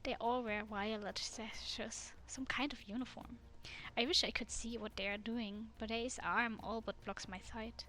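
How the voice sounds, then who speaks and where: A woman streamer reading a dating game aloud in a soft, immersive way. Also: fairly high pitch, fairly even intonation, unhurried.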